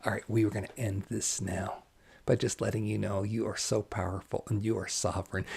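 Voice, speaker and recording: A man giving an animated, emphatic channeled spiritual talk, now and then dropping to hushed asides. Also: lowish voice, vocal fry, breathy edge.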